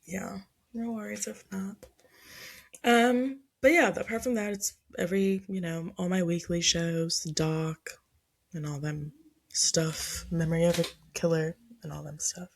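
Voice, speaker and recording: A woman's voice: lowish voice, fairly even intonation, unhurried, gravelly. A woman co-hosting a casual podcast chat, laughing often and talking with plenty of fillers. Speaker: podcast co-host.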